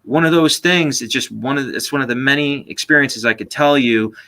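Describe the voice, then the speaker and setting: Earnest American man, bright voice. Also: medium pitch. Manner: earnest, talks fast in long runs with restarts. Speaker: paranormal investigator guest. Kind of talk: casual interview talk.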